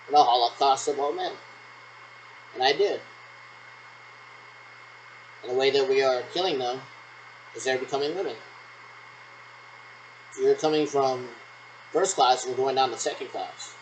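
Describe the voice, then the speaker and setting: A man's voice: mid-range voice, slight background noise, rough recording. A man rambling through pretend radio checks on his own, ending turns with "over". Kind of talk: solo role-played radio checks.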